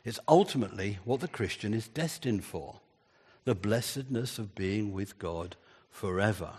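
Husky male preacher in a reverberant church. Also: on the low side, expressive, normal speed, a little mellow. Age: older. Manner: earnest, builds emphasis with repeated phrases. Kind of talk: sermon.

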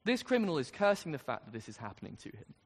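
A man's voice: medium pitch, very animated, quick pace, breathy edge. A man preaching a sermon, speaking earnestly and building to emphatic questions. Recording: long reverb of a large hall.

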